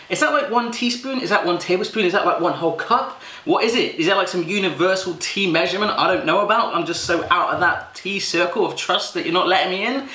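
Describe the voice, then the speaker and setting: A British man talks to his viewers in a bright, forceful voice that sits a bit high. His reactions are animated and jokey, and he exaggerates them. He is recorded in an echoey indoor room. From United Kingdom. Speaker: food vlogger. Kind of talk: casual chat to camera.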